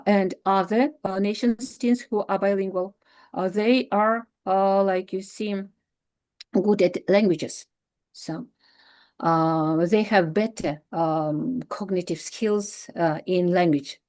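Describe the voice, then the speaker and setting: A woman from Kazakhstan with a Russian accent, giving an academic lecture as a guest lecturer, pausing often to search for words. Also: lowish voice, a little mellow. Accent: Russian-accented English.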